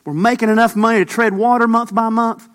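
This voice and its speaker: A man's voice: very high-pitched, steady tone, brisk, fairly bright tone. A man preaching a sermon as a pastor, emphatic, lifting his voice for quoted lines.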